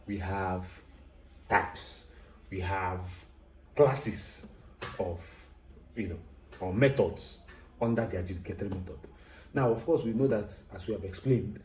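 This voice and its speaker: Man lecturing in a mellow, echoey voice. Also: on the low side, a little hiss or hum. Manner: explanatory, repeats points, asks rhetorical questions. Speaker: law lecturer. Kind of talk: recorded lecture.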